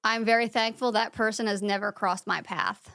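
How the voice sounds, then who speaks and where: Smooth-voiced woman, calm and matter-of-fact. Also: mid-range voice, normal speed, no echo. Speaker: pet psychic guest.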